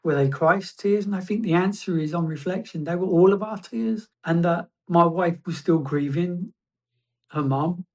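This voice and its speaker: A man sharing a personal testimony as a guest, reflective and halting, often restarting his phrases. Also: sits high.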